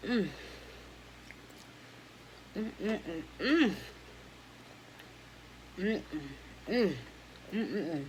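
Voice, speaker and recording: A woman chatting casually while eating fried chicken for a vlog, slangy and relaxed, humming with pleasure between bites. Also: medium pitch, drawn-out words, long pauses, a little hiss or hum. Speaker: mukbang vlogger.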